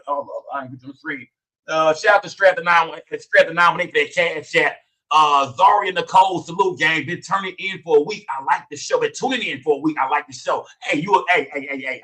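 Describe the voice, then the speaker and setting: Man, livestream host, slangy and profane, bright forceful tone, rapid-fire chat shout-outs. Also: a little high, recorded from a distance.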